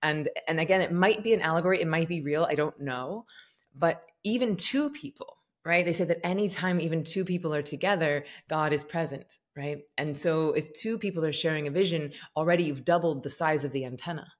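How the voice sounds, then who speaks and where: A woman from the States, a meditation teacher talking as a guest on a podcast, expressive and musing aloud. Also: deep voice, brisk. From Southern United States. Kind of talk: conversational podcast interview.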